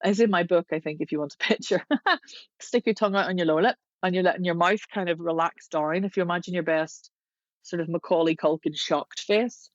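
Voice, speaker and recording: A woman voice coach, chatting as a podcast guest and explaining vocal exercises in a demonstrative, unhurried way. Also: lowish voice, dry recording, highs cut off.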